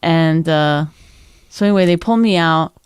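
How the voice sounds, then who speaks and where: Podcast lady telling a story, lowish voice, jumps up high when she quotes folks, dry close sound. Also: normal speed, clear, resonant tone, no room sound. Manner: animated storyteller who acts out quotes in a high voice. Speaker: podcast co-host. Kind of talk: casual chat.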